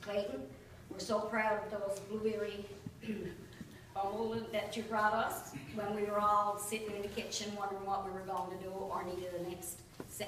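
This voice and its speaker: Joking woman giving thanks in a big hall. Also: mid-range voice. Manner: warm and joking, laughs between lines. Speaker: presenter for a church women's group. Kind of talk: heartfelt thank-you speech. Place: large echoey church hall. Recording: echoey hall, distant mic, background noise.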